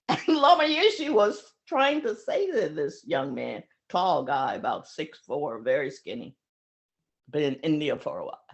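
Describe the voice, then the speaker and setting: Slow, expressive older woman storyteller. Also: a little high. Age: 70s. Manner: emotional, pausing, acts out voices in her stories. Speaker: speaker sharing memories of her teacher. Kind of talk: reflective storytelling talk.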